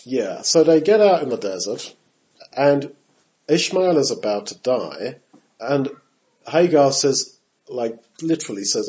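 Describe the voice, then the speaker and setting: A man preaching in a loose, conversational way, with a voice that rises and falls a lot. He acts out the scripture quotes and talks straight to his listeners. His pitch sits in a middle range. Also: measured pace, low-quality recording. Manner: animated, acts out quotes with shifting voice, talks to his audience directly. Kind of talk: conversational Bible teaching.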